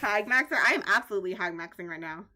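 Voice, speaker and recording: A young woman streamer giving playful, goofy commentary on a game, animated and jokey with bursts of shouting. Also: mid-range voice, quick pace. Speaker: gaming streamer.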